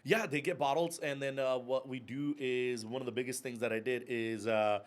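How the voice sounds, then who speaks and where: An animated man in his thirties spins anecdotes as a podcast guest. He swears freely and laughs through his own story, speaking in a casual, unpolished way. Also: mid-range voice, moderate pace. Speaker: podcast guest, whiskey club and bar owner.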